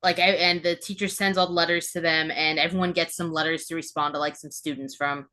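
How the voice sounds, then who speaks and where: A woman's voice: sits low, steady tone, fast talker, sharp tone. A woman co-hosting a podcast in casual chat, retelling with a lot of "like" and hedges. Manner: retelling, hedging with frequent "like". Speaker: podcast co-host.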